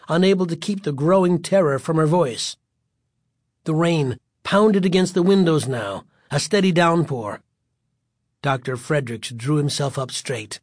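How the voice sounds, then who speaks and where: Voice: medium pitch, no echo, clean studio sound. An audiobook narrator reading a spooky children's story in a vivid, suspenseful way.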